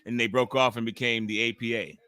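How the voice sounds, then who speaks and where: A man's voice: medium pitch, fairly even intonation, a little fast, sharp tone, dry recording. A young man hosting a live watch-along stream, joking loosely and talking to chat viewers by name. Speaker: livestream host.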